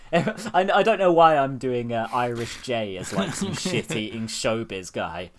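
A man's voice: medium pitch, big pitch swings, unhurried. A man hosting a casual comedy podcast, sarcastic and laughing often as he mocks what he reads. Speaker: podcast host. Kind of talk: casual comedic chat, reading posts aloud mockingly.

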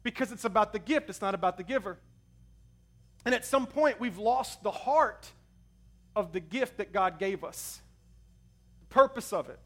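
High-voiced emotional man preaching. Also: lively intonation, moderate pace, long pauses, fairly bright tone. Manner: emotional, conversational storytelling preacher. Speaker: pastor. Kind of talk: sermon.

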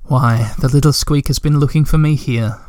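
A man voicing a slow, good-natured male creature musing to himself in a storybook reading. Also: medium pitch, lively intonation, creaky, fairly bright tone, no room sound, studio quality.

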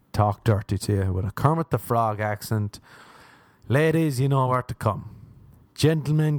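A man's voice: on the low side, a little mellow, no room sound. A young Irish man, a stand-up comedian, rambling self-mockingly through a casual podcast outro.

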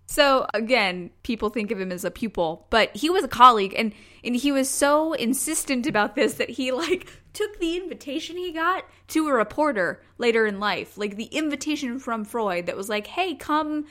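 Brief: young female podcast co-host, giggly and animated, bright tone. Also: on the high side, moderate pace, hardly any pauses. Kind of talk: casual chat.

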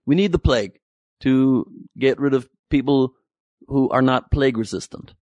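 A man's voice: medium pitch, normal speed, darkish tone, no echo, highs cut off, close to an everyday voice. A man putting on a smug male politician, delivered in a mock-serious way.

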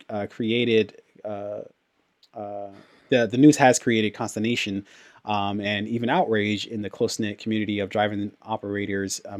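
Man reading news with halting fillers. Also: lowish voice. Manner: reads news aloud with many fillers and restarts. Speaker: podcast co-host. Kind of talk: casual podcast chat.

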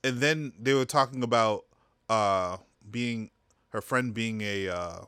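Bright-voiced joking man. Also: lowish voice, slow, clear, resonant tone, dry recording, studio quality. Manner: joking, laughs often, crude humor. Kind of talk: casual chat.

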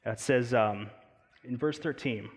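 An American man preaching a sermon in a loose, conversational way, full of fillers and side comments. His voice sits at an ordinary middle pitch. A long reverb trails his words through a large hall. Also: measured pace. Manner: conversational, animated, with frequent fillers and asides. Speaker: pastor.

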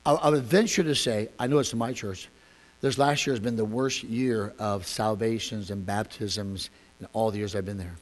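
A man preaching a sermon as a pastor, telling a story with animated rhetorical questions. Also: on the low side, moderate pace. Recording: long echoey hall reverb.

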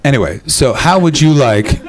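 A man's voice: mid-range voice, expressive, normal speed. A man hosting a live comedy show, telling rambling stories to an audience, swearing freely and breaking into screamed impressions. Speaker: comedian and podcast host.

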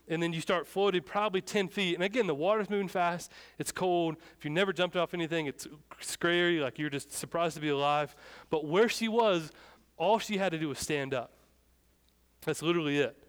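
A man's voice: on the high side, moderate pace. A young adult man preaching a sermon in a casual storytelling way, acting out the lines of people in his story. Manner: casual, storytelling, acts out shouted dialogue. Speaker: pastor.

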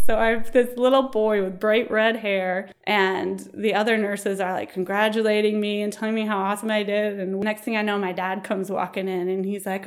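Woman, thirties, casual storyteller, animated delivery with laughs and quick voiced-out quotes. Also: medium pitch. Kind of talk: personal birth story, casual telling.

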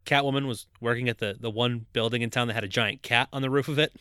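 A man's voice: mid-range voice, fairly even intonation, fast, pushed and bright, smooth, no echo, clean studio sound. A man co-hosting a podcast, riffing sarcastically on a movie and acting out jokey voices for its characters. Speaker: podcast co-host. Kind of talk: casual movie-riffing chat.

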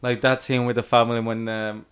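A man's voice: medium pitch, little pitch movement, fairly quick, fairly bright tone, smooth. A man co-hosting a podcast, giving a thoughtful casual film critique with frequent hesitations. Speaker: podcast co-host.

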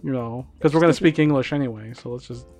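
A man's voice: mid-range voice, fast talker, a little mellow, faint music behind. Rambling, chatty man co-host. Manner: rambling, heavy use of "like", laughs often. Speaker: podcast co-host. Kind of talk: casual chat.

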